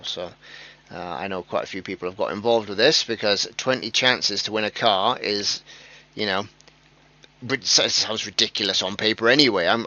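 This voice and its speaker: A British man hosts a live-streamed prize draw in a lowish voice, chatty and quick to poke fun at himself. His jokes often set off his own laughter. The stream audio is dull and lo-fi. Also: pushed and bright.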